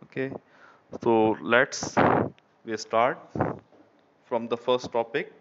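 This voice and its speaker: Halting Indian-accented man lecturing, lo-fi. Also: mid-range voice, fairly even intonation, a bit bright, slight background noise. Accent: Indian English. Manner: halting, repeats phrases, frequent "okay". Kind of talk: online engineering lecture. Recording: dull lo-fi recording.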